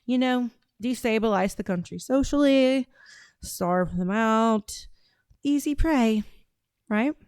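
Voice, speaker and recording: A woman's voice: on the high side, takes it slowly, darkish tone, clear, resonant tone, dry recording, clean studio sound. A woman hosting a casual livestream, reading out chat and talking in a brash, profane, drawling way.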